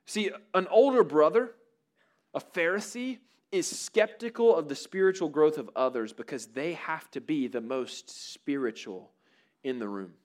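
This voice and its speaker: Brief: a fairly high-voiced male preacher, casual and conversational, frequent fillers and restarts. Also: a little slow. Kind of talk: sermon.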